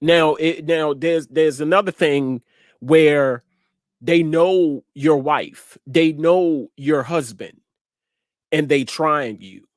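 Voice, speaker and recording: Slow-talking man with a dry sound. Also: fairly high pitch, no echo. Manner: laughs often, repeats words, slangy. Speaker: show host. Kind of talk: casual chat to a live audience.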